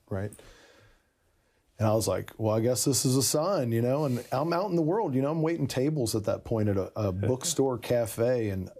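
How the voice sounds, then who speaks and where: Gravelly low-voiced man telling his story. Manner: animated, self-interrupting, many "you know" asides. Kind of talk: casual interview storytelling.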